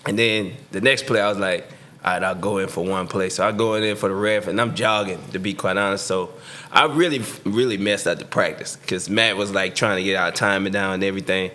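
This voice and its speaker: A man's voice: low voice, steady tone, a little fast, sharp tone. A man, a guest on a podcast, telling a story in loose, slangy casual talk and acting out the people he quotes. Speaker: podcast guest, former football player.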